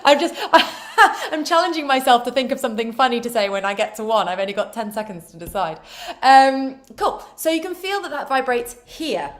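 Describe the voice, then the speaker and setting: A woman leading an online choir warm-up, giving voice exercises with playful, self-mocking asides. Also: on the high side, lively intonation, a little fast. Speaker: choir vocal coach. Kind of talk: online vocal warm-up instruction.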